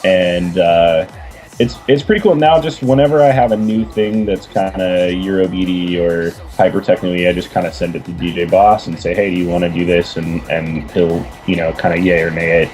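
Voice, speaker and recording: A man's voice: deep voice, normal speed, a little mellow, soft background music. A man from Portland, a musician guest rambling through stories with lots of fillers. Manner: chatty, rambling storyteller with many fillers. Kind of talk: casual podcast chat.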